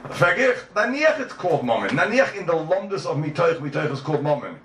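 A man races through a Talmud lesson, his pitch leaping up and down as he argues each point. He is heard from a distance in a roomy classroom, with faint ambience behind him. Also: big pitch swings, a bit bright, a little hiss or hum. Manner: rapid, questioning, sing-song give-and-take. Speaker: Talmud teacher. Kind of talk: animated Talmud class lecture.

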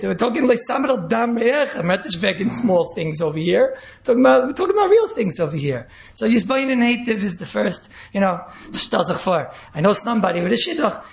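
A man, a rabbi, giving an animated Torah class, acting out quotes and mixing in Yiddish and Hebrew terms. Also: sits high, fairly quick, creaky, hardly any pauses. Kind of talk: Torah class on speech ethics. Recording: echoey room, dull lo-fi sound.

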